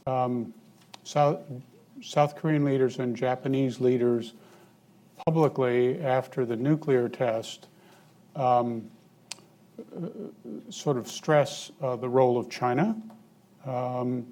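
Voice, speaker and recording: A man moderating a policy panel who speaks slowly and haltingly, dotting his questions with ums and uhs. His voice sits at a middle pitch as he hands the floor to the panelists. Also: darkish tone. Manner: halting, with many um and uh fillers.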